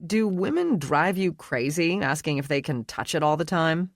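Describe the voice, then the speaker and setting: A friendly woman shop owner speaks briskly, easily embarrassed yet firm as a reader puts her on. The sound is close and dry, with no echo. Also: low voice, lively intonation. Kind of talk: audiobook character dialogue.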